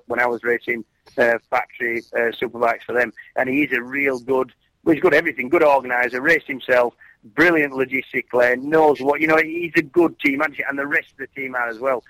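A man's voice: medium pitch, fairly quick, no room sound, rough recording. A man, a former racer, chatting casually and telling stories with lots of restarts. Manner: animated storyteller, many restarts. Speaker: former racer and commentator guest. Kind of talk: casual chat.

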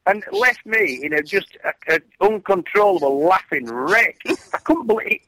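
Animated man telling racing stories. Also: a little high, normal speed, no echo, low-quality recording. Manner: animated storyteller, many restarts. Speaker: former racer and commentator guest. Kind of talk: casual chat.

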